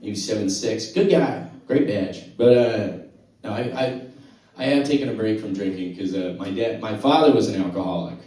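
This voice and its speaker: A man doing a stand-up comedy set and hosting the show, telling dry stories with sudden loud exclamations, on a handheld mic in a comedy club. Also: lowish voice, normal speed. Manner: deadpan storytelling, bursts of loud laughing exclamations. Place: comedy club with live audience. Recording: echoey club, recorded from a distance.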